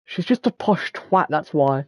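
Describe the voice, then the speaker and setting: A man's voice: fairly high pitch, lively intonation, unhurried, no echo. A young man giving casual, jokey let's-play commentary and swearing freely. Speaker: gaming YouTuber.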